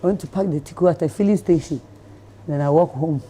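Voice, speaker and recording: A Ghanaian woman, an interview guest, telling a story in a lively way and acting out the lines of the people in it. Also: low voice, quick pace, slightly rough. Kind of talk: animated storytelling in conversation.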